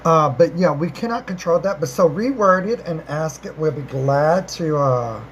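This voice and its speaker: A chatty, affectionate host running a live stream, calling viewers darling and baby. Speech wanders and repeats, with sudden upward leaps in pitch on greetings, around a mid-range voice. Faint noise sits under the voice. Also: expressive, normal speed, dull audio. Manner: chatty, repeats and rephrases, with swooping pitch jumps. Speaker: livestream host answering viewer questions. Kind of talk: casual live-stream chat.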